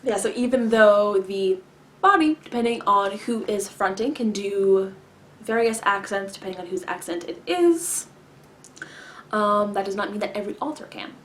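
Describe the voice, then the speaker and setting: A woman vlogger answering viewer questions in a deliberate, enunciated way, with long pauses, many filler words and some throat-clearing. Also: medium pitch, slight background noise. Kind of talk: casual explanatory talk to camera.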